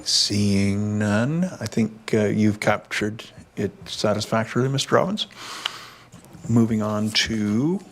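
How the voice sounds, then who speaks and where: Low-voiced man chairing a meeting. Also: slow.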